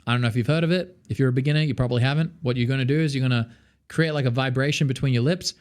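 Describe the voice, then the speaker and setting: A man's voice: medium pitch, very fast, a little mellow. A young Australian man with an Australian accent, teaching singing in a casual, chatty way full of fillers. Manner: chatty, lots of fillers, sings demonstrations. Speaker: vocal coach. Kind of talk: casual vocal lesson.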